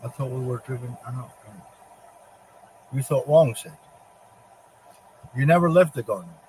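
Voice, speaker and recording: A man's voice: mid-range voice, unhurried, darkish tone, slight background noise, close to an everyday voice, rough recording. A man voicing Adam, the first man, who is defiantly taunting the devil in a spoken religious monologue.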